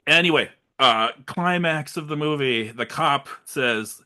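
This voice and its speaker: A man's voice: on the high side, lively intonation, moderate pace, few pauses, sharp tone. A man co-hosting a podcast, casually recapping a horror film and acting out its lines in funny voices. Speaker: podcast co-host.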